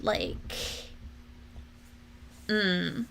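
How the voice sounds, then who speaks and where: Young woman streamer, chatty and animated, slightly high voice with lots of pitch movement. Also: unhurried. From family from New England, lives in Florida. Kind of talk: casual chat while working on stream.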